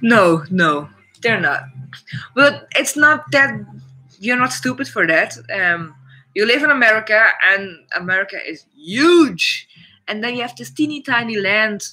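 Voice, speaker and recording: A man's voice: high-pitched, lively intonation, measured pace, bright, forceful tone, rough recording. A man from the Netherlands with a Dutch accent, hosting a casual live stream chat in a blunt, opinionated way. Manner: blunt and opinionated, says "it's like" often.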